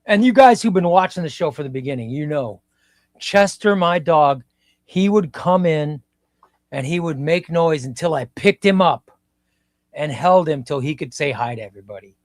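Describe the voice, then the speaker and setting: A man in his fifties hosting a casual live stream, talking slowly and reflectively and often repeating his phrases. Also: fairly high pitch, expressive, no echo, studio quality. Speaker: livestream host. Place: home room.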